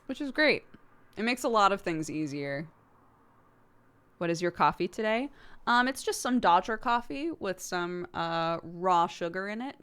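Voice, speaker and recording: A woman's voice: medium pitch, animated, normal speed, fairly bright tone, clean tone. A young American woman hosting a casual livestream, chatting to her viewers and laughing often. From United States. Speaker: livestream host.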